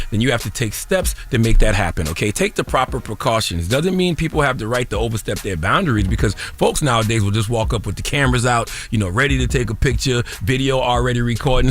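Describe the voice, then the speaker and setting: A man's voice: medium pitch, a bit bright. Blunt preachy man hosting radio. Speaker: radio host. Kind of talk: opinionated radio commentary. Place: radio studio.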